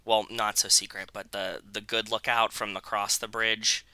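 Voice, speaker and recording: Casting: male podcast co-host, lowish voice with a very bright edge, loose and jokey, dry close sound. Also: level tone, moderate pace, smooth, no room sound. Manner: loose, jokey, lots of filler likes. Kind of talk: casual chat.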